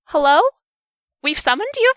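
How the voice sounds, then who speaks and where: Lady doing a nervous young guy, squeaky high voice, bright. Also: sing-song, moderate pace, no echo, studio quality. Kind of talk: audiobook fan fiction reading.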